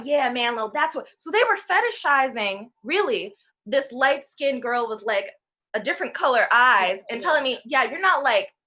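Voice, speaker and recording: Bright-voiced young woman telling a story. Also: on the high side. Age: 20s. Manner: animated, acts out quoted voices. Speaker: panelist. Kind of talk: casual storytelling on a talk panel.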